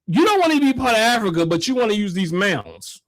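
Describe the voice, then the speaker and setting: A man hosting a casual call-in conversation, telling a story in an animated way, laughing often and acting out what others said. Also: sits high, fairly quick, no echo. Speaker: host.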